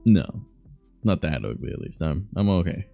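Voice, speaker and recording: A young man from Canada with a deep voice, chatting loosely and softly on his stream, swearing as he goes. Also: expressive, moderate pace, gravelly, no room sound, faint music behind. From Southern Ontario, Canada. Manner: soft-spoken, loose and swearing. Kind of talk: casual stream chat.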